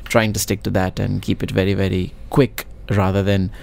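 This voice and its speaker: A man's voice: low voice, little pitch movement, normal speed, creaky, a little mellow. A man, a stage actor from Pakistan, speaking earnestly in an interview, stressing words by repeating them. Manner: earnest, emphatic repetition. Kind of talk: radio interview.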